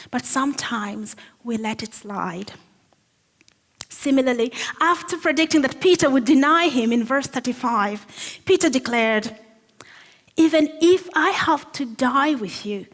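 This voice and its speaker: High-voiced woman preaching in an echoing hall. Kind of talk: sermon. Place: church hall. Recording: long reverb of a hall.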